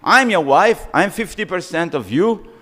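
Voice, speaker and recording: A man's voice: sits high, animated, unhurried, sharp tone, in a large hall, voice pushed up, full character voice. A man voicing an indignant goddess wife who complains and demands her share, in a raised pleading tone.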